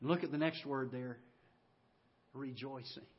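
A middle-aged male pastor preaching a sermon in a church, telling folksy stories that swing from loud to hushed. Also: fairly high pitch, moderate pace, slightly rough, muffled recording. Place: church sanctuary.

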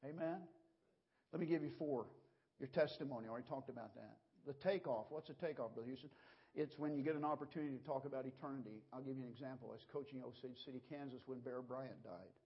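A man's voice: medium pitch, fast, slightly rough, highs cut off. A man preaching a sermon, telling stories in a folksy way. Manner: folksy storytelling preacher, acts out gestures. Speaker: pastor.

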